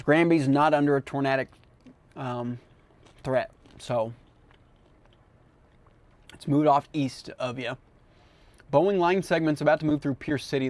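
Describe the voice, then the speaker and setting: A man's voice: mid-range voice, darkish tone, dry recording. A man hosting live severe weather coverage on the radio, chatting casually as he tracks storms and eats. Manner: casual, chatty, talks with mouth full. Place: radio studio.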